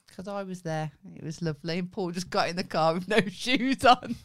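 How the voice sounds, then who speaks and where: A woman's voice: lowish voice, moderate pace. Chatty woman telling a story. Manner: chatty storyteller, swears a lot, keeps saying "right?". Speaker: podcast co-host. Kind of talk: casual chat.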